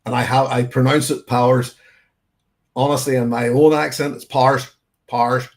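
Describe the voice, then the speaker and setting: A man's voice: medium pitch, fairly even intonation, quick pace. A man hosting a live whisky tasting, chatting in a rambling, self-correcting way and reading out viewer comments. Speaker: whisky channel host.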